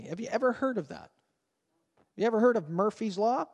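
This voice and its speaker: A man with a fairly high voice preaches a sermon in a conversational way, often turning questions to his congregation. His voice rings through a church hall with a long reverb tail. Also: expressive, brisk, gravelly, pauses often, breathy edge. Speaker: pastor. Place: church sanctuary.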